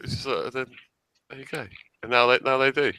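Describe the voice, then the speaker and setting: A man's voice: medium pitch, steady tone, fairly quick, bright, forceful tone, clear, resonant tone, low-quality recording. A man in casual chat, rambling and swearing freely, often repeating himself. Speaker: guest.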